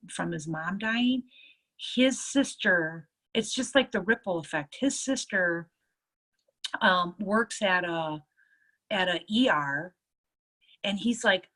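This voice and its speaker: A woman nurse telling stories from her work in a casual interview, lively and acting out what others said. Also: medium pitch. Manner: lively storyteller, acts out others' lines. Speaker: nurse and EFT tapping practitioner.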